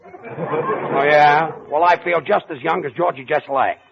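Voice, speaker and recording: A man's voice: fairly high pitch, fairly even intonation, unhurried, creaky, dull audio, over a noisy crowd. A man hosting scripted radio comedy as a dry, exasperated straight man on a 1940 broadcast. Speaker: comedian and show host. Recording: noisy 1940 radio broadcast with live audience. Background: loud studio audience.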